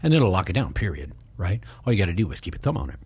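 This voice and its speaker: Low husky man telling stories. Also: fast talker, no room sound. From Kansas City, Missouri. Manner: rambling, animated, acts out quoted voices. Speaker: podcast guest. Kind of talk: casual storytelling.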